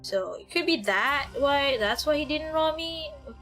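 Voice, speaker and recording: A woman's voice: high voice, animated, moderate pace, fairly bright tone, soft background music. A young woman streaming a game, with giggly, rambling commentary and frequent laughter. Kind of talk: casual gameplay commentary.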